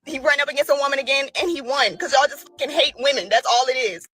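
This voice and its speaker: A woman's voice: high-pitched, fast talker, a bit bright. A young woman venting on a vlog, upset and exasperated. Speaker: social media poster. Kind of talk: emotional vlog rant.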